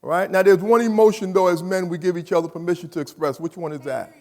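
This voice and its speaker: A man giving an animated, emphatic talk to a live audience of students, repeating phrases and questioning the crowd. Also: sits high, fast. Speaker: speaker addressing students. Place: large hall. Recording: reverberant hall.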